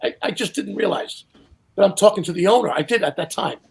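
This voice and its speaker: An older man telling casual anecdotes as a guest, animated and acting out the people he quotes. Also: high voice, brisk, vocal fry, husky. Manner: animated storyteller who acts out quotes. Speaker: guest storyteller.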